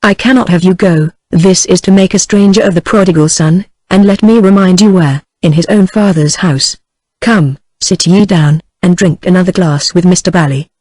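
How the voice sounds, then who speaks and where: A woman's voice: on the low side, moderate pace, no room sound, lightly acted, rough recording. Synthetic woman's voice reading a scheming young nobleman. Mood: smooth. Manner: flat synthetic reading, no voice change.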